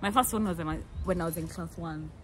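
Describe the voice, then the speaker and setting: A Kenyan woman in her twenties, telling stories in a lively, playful way and acting out the people she quotes. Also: lowish voice, fast talker, soft background music. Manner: animated, playful, laughs often, acts out quotes. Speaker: vlogger. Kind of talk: casual storytelling.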